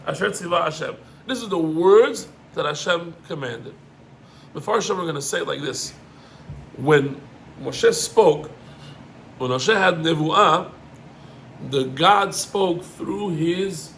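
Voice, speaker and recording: A middle-aged man, a rabbi, gives an animated Torah lesson, climbing in pitch on emphatic points and mixing in Hebrew terms. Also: unhurried, slight background noise, rough recording.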